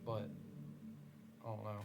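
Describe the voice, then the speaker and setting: A man's voice: lowish voice, monotone, slow, vocal fry. A young man streaming a game, reacting with disbelief and frequent swearing while his throat is scratchy. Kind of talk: live gaming commentary. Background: loud game music.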